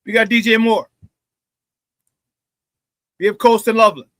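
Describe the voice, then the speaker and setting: High-voiced animated sports host. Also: male voice, a little slow, no room sound. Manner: animated, laughs easily, greets chat viewers. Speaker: sports talk show host. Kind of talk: casual sports talk show.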